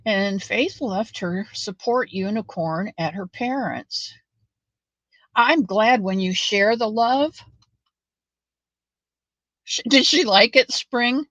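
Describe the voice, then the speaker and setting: A woman hosting a knit-along, chatting in a rambling, folksy way with soft muttered asides while she knits. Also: mid-range voice, slow pace, long pauses, no room sound, low-quality recording. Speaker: knitting channel host. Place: at home, knitting.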